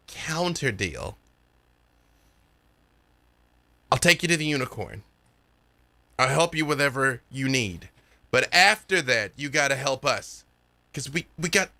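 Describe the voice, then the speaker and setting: A man voicing an excitable young gang leader who rambles fast with many restarts. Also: mid-range voice. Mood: eager.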